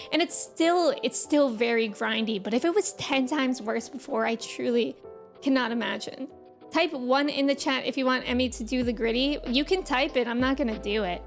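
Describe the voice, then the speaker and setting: A high-pitched woman talks casually on a live stream, greeting viewers one by one. Her talk rambles with plenty of fillers and restarts. Soft game music plays faintly underneath.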